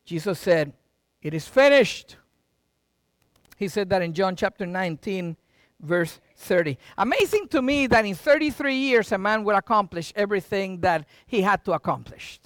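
A middle-aged man pastor preaching a sermon, with dramatic swings between loud and quiet and folksy asides to the congregation. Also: sits high, normal speed, no echo, clean studio sound.

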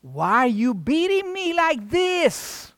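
A man voicing a talking male donkey in a sermon retelling, with a raised, drawn-out pleading voice. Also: extremely high pitch, big pitch swings, fairly bright tone, no room sound, clean studio sound, pitched above the performer's own voice, full character voice.

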